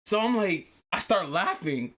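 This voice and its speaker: Animated swearing man telling a story. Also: sits high, a little slow. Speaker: podcast host. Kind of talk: casual podcast chat.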